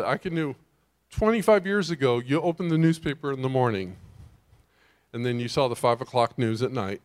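Pastor, male, higher-pitched voice, casual sermon delivery, asks the room questions. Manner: conversational, quizzes the congregation and uses frequent restarts.

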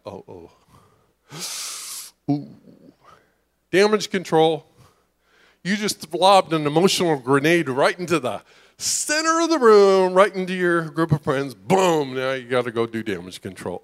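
A man's voice: medium pitch, expressive, unhurried, pauses often. A middle-aged man preaching a conversational sermon, often asking "right?" and acting out the voices of the people he describes. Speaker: pastor.

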